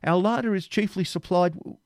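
A man's voice: fairly low pitch, lively intonation, fairly quick, darkish tone, dry recording, studio quality, close to an everyday voice. A man reading aloud, voicing a proud, gallant outlaw leader with courteous speech. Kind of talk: audiobook reading.

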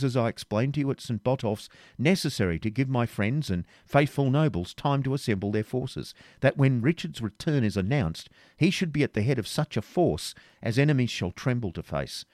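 A man's voice: mid-range voice, a little mellow, no echo, clean studio sound, close to an everyday voice. A man reading aloud, voicing a bold, jesting medieval king with a hearty, commanding manner. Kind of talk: audiobook reading.

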